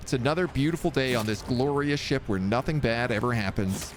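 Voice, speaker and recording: A man's voice: medium pitch, brisk, hardly any pauses, slight background noise. A man streaming a video game, giving casual, jokey commentary with playful asides.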